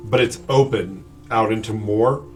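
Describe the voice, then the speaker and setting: A man's voice: lowish voice, measured pace, far from the mic, soft background music. A man running a tabletop game as game master, describing scenes with frequent ums and restarts. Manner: hesitant, lots of ums and restarts.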